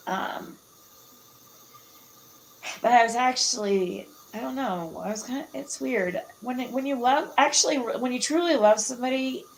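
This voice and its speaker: A woman's voice: fairly high pitch, normal speed, creaky, a little hiss or hum, rough recording. A woman in casual conversation, talking in a hesitant, rambling way that keeps trailing off. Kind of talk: casual chat.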